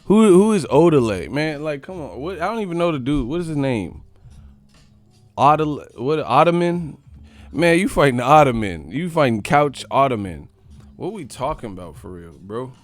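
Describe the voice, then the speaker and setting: A man's voice: fairly high pitch, sing-song, moderate pace, no echo. A man hosting a boxing live stream, rambling in casual slang and laughing often as he talks to his chat. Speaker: boxing channel host.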